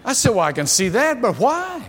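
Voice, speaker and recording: A middle-aged man preaching a sermon, telling stories with lively acted-out dialogue. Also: extremely high pitch, moderate pace. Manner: animated storytelling, acts out quoted dialogue. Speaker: pastor. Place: church sanctuary. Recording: long hall reverb.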